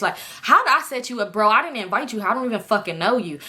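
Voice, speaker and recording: A woman with a bright, forward voice tells a wild story to her viewers. She talks loose and slangy, swears freely and speaks right to the audience. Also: fairly high pitch, animated, brisk, hardly any pauses. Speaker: storytime vlogger.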